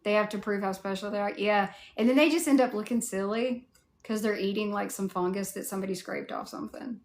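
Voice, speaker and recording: A Southern US woman with a gravelly, fried voice chats on a relaxed livestream, rambling through viewer comments one at a time and saying "like" constantly. Her pitch is medium and her pace fairly quick, with a roomy echo and a little hiss or hum.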